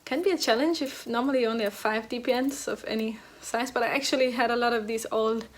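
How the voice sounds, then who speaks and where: Young woman chatting about knitting at home, rambly, kinda high voice. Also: steady tone, quick pace. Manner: chatty, rambling, many fillers and restarts. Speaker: knitting podcast host. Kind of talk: casual chat.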